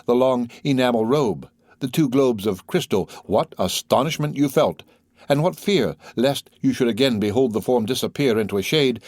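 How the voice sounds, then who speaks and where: A man narrating a classic novel as an audiobook reader, with a measured, expressive reading. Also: on the low side, no echo, clean studio sound.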